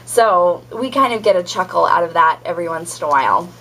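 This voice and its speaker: Chatty breathy young woman vlogger. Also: fairly low pitch, expressive, a little fast, fairly bright tone, poor audio. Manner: chatty, many ums and likes. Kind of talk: casual pregnancy update vlog.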